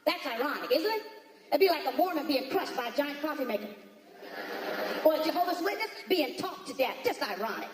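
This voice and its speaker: A woman's voice: high-pitched, animated, very noisy. A woman performing a stand-up comedy routine on a theater stage, telling stories with punchy asides to the audience. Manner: punchy, storytelling delivery with quick asides to the audience. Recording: echoey hall recording with crowd. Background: audience laughter.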